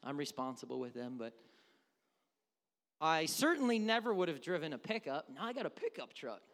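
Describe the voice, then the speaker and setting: Lively joking pastor in an echoey hall. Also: male voice, a little high, moderate pace. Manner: conversational and joking, breaks into singing and mimicry. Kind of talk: sermon. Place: church sanctuary.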